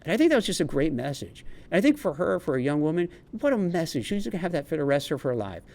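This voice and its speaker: A man's voice: fairly high pitch, very animated, fast talker, gravelly, darkish tone. Chatty middle-aged New York man. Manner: chatty, rambling, frequent restarts. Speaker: career advice vlogger and recruiter. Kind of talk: casual homemade vlog monologue.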